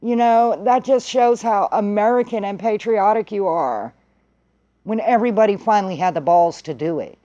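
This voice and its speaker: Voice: medium pitch, moderate pace, dark tone, highs cut off. A vlogger telling a story in a blunt, heated way and swearing freely. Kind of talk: casual profane storytelling.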